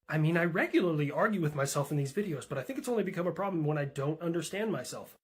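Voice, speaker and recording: A man's voice: fairly high pitch, animated, racing, hardly any pauses, husky. A man narrating a comedy skit with wry, crude asides. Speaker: comedy YouTuber.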